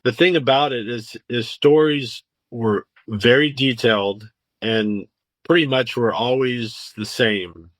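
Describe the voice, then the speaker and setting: A man's voice: medium pitch, slow pace, a bit bright, no room sound. A man being interviewed about his father, answering casually in a thoughtful, matter-of-fact way. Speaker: interviewee, son.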